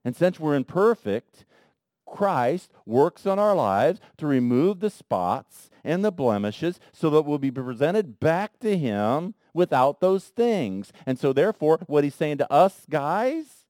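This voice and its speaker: Male preacher, fairly high and very animated, chatty sermon delivery with hushed asides and loud stresses, dry sound. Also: takes it slowly, dry recording. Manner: animated, swings between soft asides and loud emphasis; conversational, addresses men in the congregation directly. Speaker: pastor.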